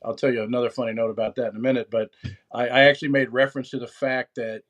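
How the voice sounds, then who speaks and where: A man's voice: medium pitch, little pitch movement, quick pace, a bit bright, dull audio. A middle-aged American man, a podcast guest, talking casually and rambling with many restarts and fillers. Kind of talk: casual chat.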